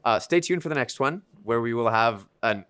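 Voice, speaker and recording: A man's voice: mid-range voice, expressive, moderate pace, background noise. A man hosting a casual podcast interview, affable and self-deprecating. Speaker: podcast host.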